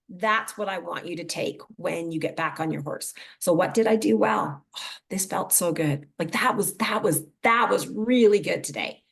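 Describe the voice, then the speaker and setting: Animated woman coaching in conversation. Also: medium pitch, gravelly. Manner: animated, acts out inner thoughts in quoted voices. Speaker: mental performance coach. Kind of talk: casual interview conversation.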